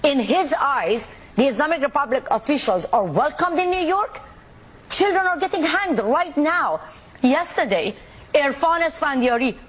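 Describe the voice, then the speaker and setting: A woman from the Middle East, an activist interviewed on the news, speaking forcefully and insistently. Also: high-pitched. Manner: forceful, insistent, listing examples. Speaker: activist guest.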